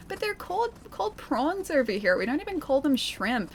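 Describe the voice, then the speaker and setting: A young woman with a light Australian accent chats and laughs through a game stream, reading out chat as she plays. Her voice is high and sing-song at a moderate pace, with a little hiss or hum in the recording. She comes across as giggly, chatty and self-mocking.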